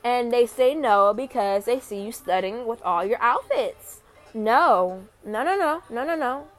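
A young woman in a casual, animated rant to camera, often rising to near shouting when heated. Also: a little high. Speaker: vlogger.

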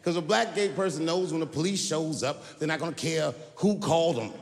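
A man's voice: a little high, brisk, gravelly. A man performing stand-up comedy, telling stories and acting out the quotes. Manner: animated storytelling with acted-out quotes. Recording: reverberant venue with crowd noise.

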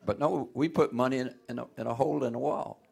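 A man preaching a sermon, often rising into loud outbursts. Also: medium pitch, fairly even intonation, fast talker, gravelly. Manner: folksy, call-and-response preaching with sudden loud outbursts.

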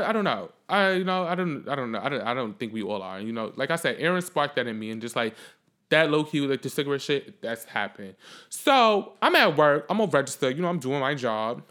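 Ranting casually in a vlog, a man with a slightly high voice tells a story full of profanity and animation. He shifts from loud outbursts into quiet, reflective moments.

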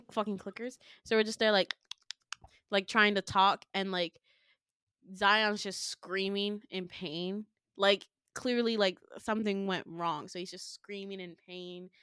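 A woman's voice: medium pitch, steady tone, measured pace, fairly bright tone, clean tone, no echo. Young woman, casual podcast storyteller, rambling, dry close sound. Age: young adult. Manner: rambling, heavy on fillers like "like", laughs often. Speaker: podcast host.

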